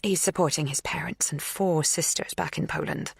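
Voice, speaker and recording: A narrator putting on a kindly farmer's wife who explains herself a little defensively, in a storybook reading. The voice is steady and even, recorded close and dry. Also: female voice, low-pitched, moderate pace, creaky, breathy edge, dry recording, heavily acted.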